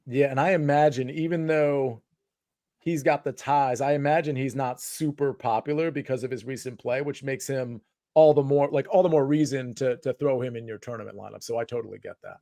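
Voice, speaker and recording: A man's voice: mid-range voice, fairly even intonation, a little fast, dark tone, no room sound, clean studio sound. A man hosting a casual live sports chat, rambling with many filler words and restarts. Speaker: podcast host.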